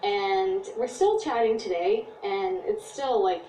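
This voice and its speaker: A woman's voice: mid-range voice, slow, warm tone. Teenage girl telling a personal story. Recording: echoey, distant, slight noise.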